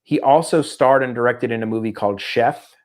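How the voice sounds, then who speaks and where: A middle-aged man chatting on a podcast with an average-pitched voice. He tells stories at length and wanders into tangents. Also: a little fast. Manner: animated storyteller, slips into mock accents. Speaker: podcast co-host. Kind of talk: casual chat.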